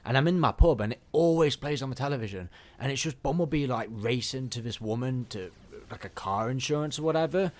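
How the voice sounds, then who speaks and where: Excitable man playing a game. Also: medium pitch, a little fast, hardly any pauses. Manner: excitable, self-mocking, prone to laughing outbursts. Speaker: gaming channel host. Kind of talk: casual let's-play chat.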